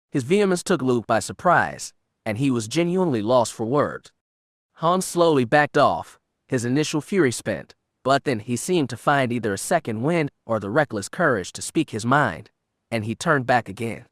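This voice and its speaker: A man narrates an audiobook in a steady, even storytelling manner. His voice sits in an ordinary middle register, and the recording is dry and close to the mic. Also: mid-range voice, normal speed, no echo.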